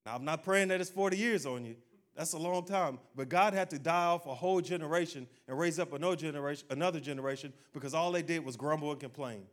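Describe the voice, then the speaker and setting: A man's voice: a little high, fast talker. A man preaching a sermon in a folksy, conversational way, calling out "amen" and acting out quotes. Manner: exhorting, call-and-response preaching. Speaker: pastor.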